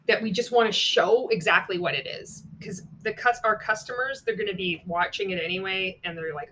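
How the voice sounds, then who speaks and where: A woman's voice: mid-range voice, brisk, hardly any pauses, fairly bright tone, a little hiss or hum. A young adult woman vlogging in casual chat, candid and blunt, swearing freely and laughing at herself. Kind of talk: casual chat walking through examples.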